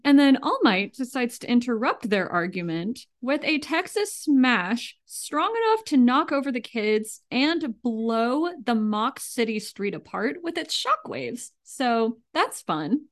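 A woman's voice: fairly high pitch, sing-song, measured pace. A stuffy-nosed woman co-hosts a podcast, recapping an anime in easy casual chat. She jokes around and laughs often. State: congested. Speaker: podcast co-host.

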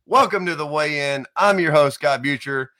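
A man, hosting a live online show in a chatty, rambling way with jokey shout-outs to viewers. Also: a little high, steady tone, normal speed. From American South. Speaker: host.

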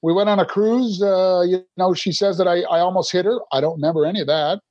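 High-voiced man telling his recovery story. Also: steady tone, fast talker, darkish tone, dry recording, highs cut off. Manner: rambling, restarts often. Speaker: podcast guest.

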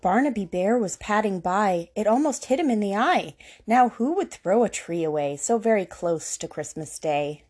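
A woman reading a rhyming picture book aloud in a lilting, gently expressive way. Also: mid-range voice, normal speed, few pauses, slightly rough. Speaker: storyteller.

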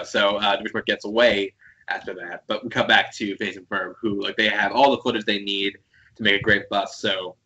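A man with a bright, forceful voice chats casually as a podcast co-host, retelling an episode and laughing as he goes. He slips into quick put-on voices for quoted lines. The audio is a little dull and lo-fi. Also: lowish voice. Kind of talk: casual recap chat.

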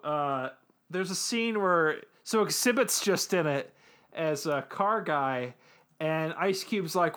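A man's voice: a little high, fairly bright tone. A man on a podcast, casually recapping an episode, rambling with lots of ums and little laughs. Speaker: podcast co-host.

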